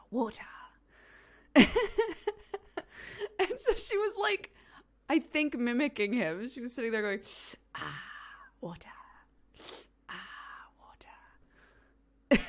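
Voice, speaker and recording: Slow, lively young woman chatting. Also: on the low side. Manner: relaxed, giggly, rambling with many fillers. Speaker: streamer. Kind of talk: casual chat with chat readers.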